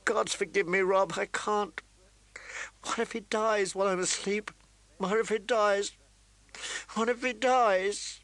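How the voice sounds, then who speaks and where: A man reading an audiobook, voicing a grieving noble mother who pleads and sobs in a high, strained voice. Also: drawn-out words, hardly any pauses, a bit bright, no room sound, heavily acted. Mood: hysterical. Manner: pleading, sobbing, hysterical cries.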